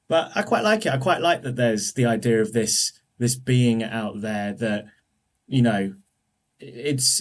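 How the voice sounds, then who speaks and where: A man talking as a guest on a podcast, enthusiastic and often restarting his sentences. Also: fairly low pitch. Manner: enthusiastic, many restarts and fillers. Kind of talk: casual podcast discussion.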